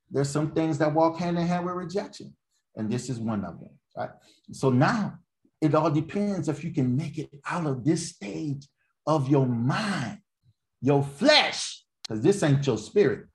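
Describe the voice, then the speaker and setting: Older male preacher rising to shouts. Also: creaky. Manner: conversational teaching that builds to loud, high-pitched exhortation; repetitive, stumbles and restarts, asks "right?". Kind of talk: sermon.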